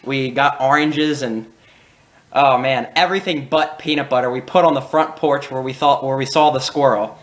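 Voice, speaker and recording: A man's voice: medium pitch, normal speed. A young adult man hosting a casual video, telling childhood stories with laughs and acted-out quotes. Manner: animated, laughing, acts out quoted voices. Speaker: channel host. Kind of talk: casual storytelling.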